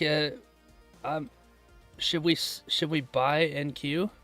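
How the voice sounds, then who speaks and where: A man running a day-trading live stream, chatting casually and answering viewers' comments aloud, relaxed and quick to laugh. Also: on the high side, faint music behind. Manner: relaxed, laughs often, trails off mid-thought.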